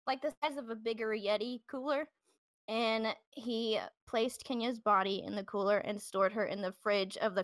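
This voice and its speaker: A woman's voice: a little high, a bit bright, dry recording. Chatty woman podcaster, dry close sound. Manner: chatty, loose, lots of fillers and restarts. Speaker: podcast host. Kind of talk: casual true-crime storytelling. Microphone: podcast microphone.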